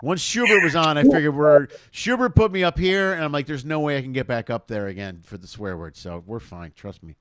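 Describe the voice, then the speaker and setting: Man, from South Side Chicago, comedy stream host, casual joking chat, lively swings in pitch, dry close sound. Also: brisk, few pauses, clear, resonant tone, no room sound. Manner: animated, laughs often, joking.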